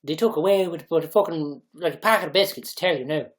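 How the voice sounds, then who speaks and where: A man putting on a put-on Dublin Irish accent to play a loud, indignant local spreading news and swearing. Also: a little high, fast, lightly acted. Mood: outraged. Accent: attempted Dublin Irish. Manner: loud, excitable, swearing, insistent.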